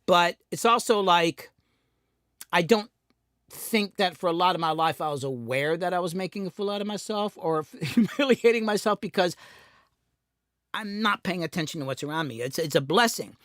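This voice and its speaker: A man's voice: high voice, animated, normal speed, fairly bright tone, no room sound, clean studio sound. Rambling middle-aged man telling stories. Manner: rambling, self-deprecating, acts out voices in anecdotes. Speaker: music producer and channel host. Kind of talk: casual storytelling rant.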